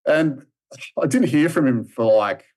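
A man's voice: mid-range voice, animated, unhurried, darkish tone, breathy edge. An Australian man in his thirties, a guest telling a long story in a casual interview, full of restarts and fillers. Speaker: podcast guest, strength and conditioning coach.

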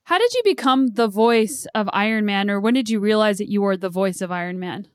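A woman's voice: medium pitch, animated, brisk, no room sound, clean studio sound. A woman interviewer asking long questions that explain their own setup.

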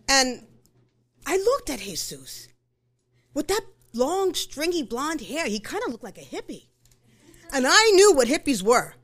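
A middle-aged woman shares a story from her own life live, talking conversationally with fillers and quick self-corrections. Her voice is a little high and a bit bright.

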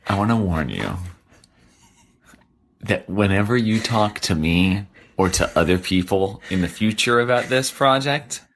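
A man speaks in a lowish voice that rises and falls a lot. He argues his point earnestly in casual conversation with his wife. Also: unhurried, a little hiss or hum. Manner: animated, earnest and argumentative. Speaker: podcast host's husband.

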